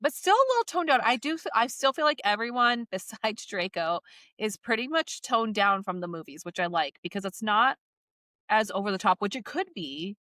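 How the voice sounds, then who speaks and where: Bright, teasing woman co-host. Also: mid-range voice, very animated, normal speed, no room sound, clean studio sound. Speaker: podcast co-host. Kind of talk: casual chat.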